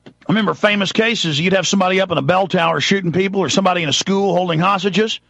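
A man hosting a talk show, ranting forcefully in a heated monologue and acting out quotes dramatically. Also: high-pitched, quick pace, vocal fry, dry recording, muffled recording.

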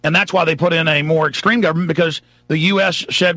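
A man's voice: on the high side, steady tone, fast, few pauses, bright, forceful tone, no echo, highs cut off. A man hosting a talk radio show, delivering an emphatic, ranting monologue. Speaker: radio host.

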